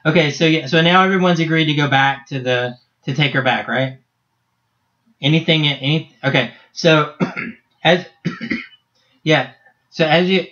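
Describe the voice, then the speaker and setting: A man narrating as game master of a tabletop game, halting with many restarts. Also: on the high side, a bit bright, dull audio.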